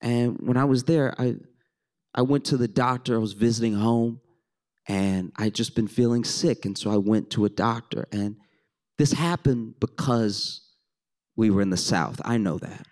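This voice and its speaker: A man from Louisiana telling a comic story on stage to a live audience, animated and wry, talking straight to the crowd. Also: mid-range voice, moderate pace.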